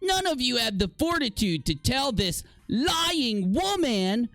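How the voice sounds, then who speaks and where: A smug, sneering woman flat earther who swings her high voice around with self-satisfied contempt, as a man mocks her. It is recorded dry and up close, with soft music in the background. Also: slow, gravelly, dry recording, exaggerated voice. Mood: outraged. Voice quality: mocking falsetto.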